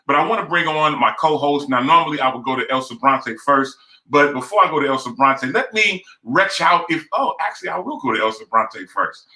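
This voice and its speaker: A man hosts a live online talk show, his voice bright and forceful. He builds his lines in emphatic, rhythmic runs like a preacher. The sound carries a roomy echo. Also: on the high side, expressive, fairly quick. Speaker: host.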